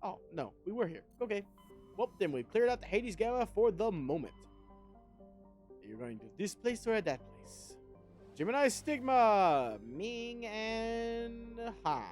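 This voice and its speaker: Male streamer, fairly high voice with lots of pitch movement, wry casual commentary over faint game music. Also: very animated, normal speed, a little mellow. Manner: chatty, wry, swears casually.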